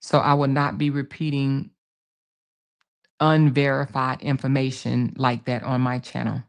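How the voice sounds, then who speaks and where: A woman with a very deep, vocal-fry voice hosts a casual livestream at a measured pace, her pitch barely moving. She reads viewer comments aloud and answers them, emphatically repeating phrases to drive her points home and calling viewers "baby" and "honey."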